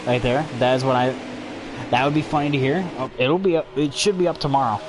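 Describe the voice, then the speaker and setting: A man's voice: mid-range voice, brisk, background noise. A young man commenting on a racing game replay for his stream, rambling and self-deprecating as he talks to his chat. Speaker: gaming streamer.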